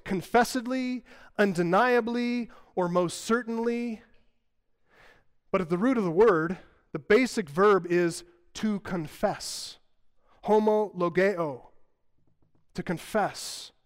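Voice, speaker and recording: A male pastor preaches with a high, smooth, resonant voice. His delivery is emphatic and rhythmic, and he builds through repeated phrases. A long reverb trails each phrase in a church sanctuary. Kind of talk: sermon.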